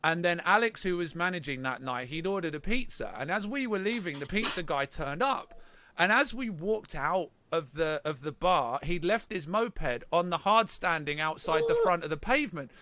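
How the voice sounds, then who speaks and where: A man's voice: fairly high pitch, animated, normal speed, sharp tone, slight background noise. A man, a band member co-hosting a podcast, telling a rambling anecdote in casual chat with frequent restarts and laughter.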